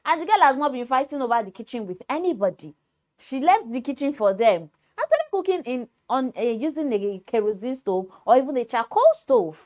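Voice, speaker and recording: A woman's voice: sits high, sing-song, a little fast, a little mellow, lo-fi sound. A woman with a Nigerian accent hosting a reality-show recap, talking emphatically and repeating points for effect. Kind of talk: opinionated entertainment commentary.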